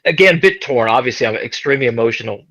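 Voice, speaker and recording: A young man playing his character in a tabletop game, speaking in a halting, hesitant way. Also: mid-range voice, expressive, fairly bright tone, no room sound, rough recording. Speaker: player. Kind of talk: in-character tabletop role-play.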